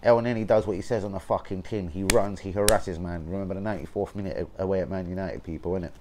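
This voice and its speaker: Brief: young London man, lowish voice, fan-channel host, blunt sweary livestream rant, heavy slang. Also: steady tone, quick pace, noisy background. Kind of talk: casual football rant livestream.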